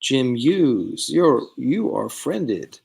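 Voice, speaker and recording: A man hosts a casual live stream from a studio set. He rambles between topics with plenty of ums and uhs, reading out viewer comments and answering them as he goes. His voice sits at an ordinary middle pitch. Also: very animated, extremely slow, gravelly, a little mellow. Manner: rambling, many fillers, reads viewer comments aloud. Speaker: producer hosting a live stream. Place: studio set of a starship bridge.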